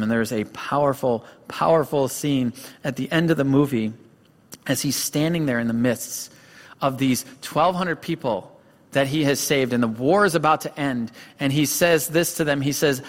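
A man preaching a sermon as pastor, telling a story earnestly and stressing points with repetition, in a church sanctuary. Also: medium pitch. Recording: long hall reverb.

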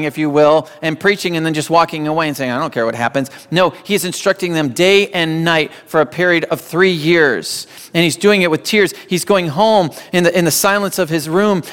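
A man's voice: fairly high pitch, a bit bright, smooth. A man preaching a sermon as a pastor, emphatic and repeating phrases for weight. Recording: long hall reverb.

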